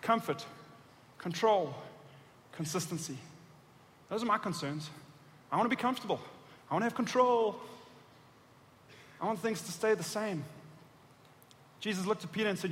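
A male pastor preaching a sermon in an animated style, acting out the voices of scripture figures as he reads. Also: high voice, moderate pace, pauses often, big-room sound, slight background noise.

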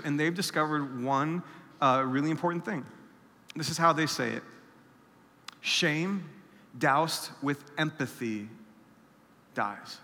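A man's voice: on the high side, pushed and bright. A man preaching a sermon, telling a personal story and acting out the voices of people he quotes. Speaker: pastor. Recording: long hall reverb.

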